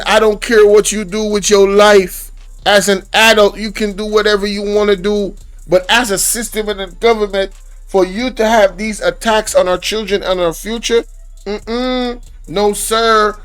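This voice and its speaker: A man's voice: high voice, a bit bright, clear, resonant tone. A man with a Jamaican accent hosting a reaction channel, talking to viewers in an indignant, preachy way. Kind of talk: casual reaction commentary.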